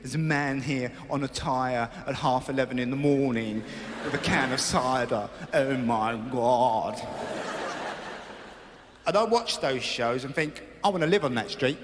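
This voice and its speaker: A man's voice: mid-range voice, measured pace, long reverb tail, background noise. A man with a British accent doing a sardonic, rambling stand-up routine. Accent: British English. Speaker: stand-up comedian. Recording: live venue with loud crowd.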